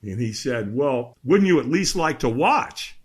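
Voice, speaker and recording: A man's voice: mid-range voice, measured pace, breathy edge. A middle-aged man, a podcast guest, telling a story with energy and acting out the voices of the people in it. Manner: lively, acts out voices in his story. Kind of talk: animated storytelling.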